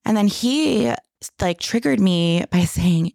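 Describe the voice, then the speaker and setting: A woman's voice: medium pitch, unhurried, vocal fry, warm tone, no room sound, clean studio sound. A middle-aged woman telling a candid personal story in casual conversation, emotional and full of restarts. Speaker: guest.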